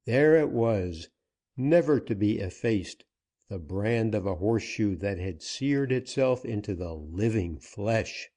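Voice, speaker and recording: A man reading a western novel aloud as an audiobook narrator, in a steady, unhurried way. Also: fairly low pitch.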